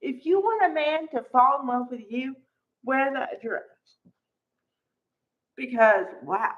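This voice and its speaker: A woman's voice: high-pitched, takes it slowly, muffled recording. A woman recapping a soap opera in a casual, gushing chat, her talk full of "like". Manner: gushing, chatty, peppered with "like".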